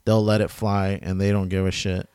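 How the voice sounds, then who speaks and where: A man's voice: deep voice, level tone, normal speed, a little mellow, smooth, no echo. A man in his thirties with young kids, co-hosting a casual chat and explaining his views at length. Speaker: podcast co-host.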